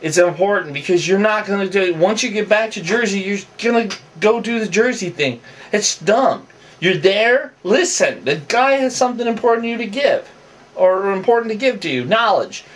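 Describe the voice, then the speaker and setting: A man's voice: high voice, lively intonation, normal speed, fairly bright tone, recorded from a distance. A man giving off-the-cuff, opinionated commentary that rambles with asides and restarts.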